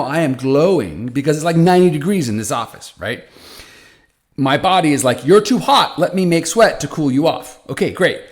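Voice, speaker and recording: A man hosting a foundation podcast, talking casually and animatedly from his office, often restarting phrases. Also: medium pitch. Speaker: podcast host for a patient foundation. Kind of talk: casual monologue. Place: hot office.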